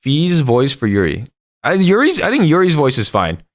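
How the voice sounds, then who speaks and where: Pitch swinging wildly on a voice that sits on the high side, a young man plays a story game live at a moderate pace. He reads the text aloud playfully, switches between voices and talks with his audience.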